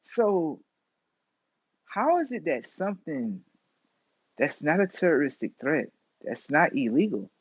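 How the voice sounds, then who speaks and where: A young man, hosting a casual livestream monologue, animated and full of slang, swinging between loud bursts and mumbles. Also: a little high, a little slow, pauses often, breathy edge, no room sound, muffled recording. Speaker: livestream host.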